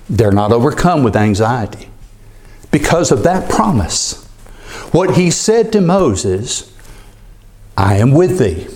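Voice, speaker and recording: A man preaching a sermon, reading scripture aloud and lifting his voice on key phrases. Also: mid-range voice. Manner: slow, deliberate preaching with rising emphasis on quoted scripture. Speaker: pastor.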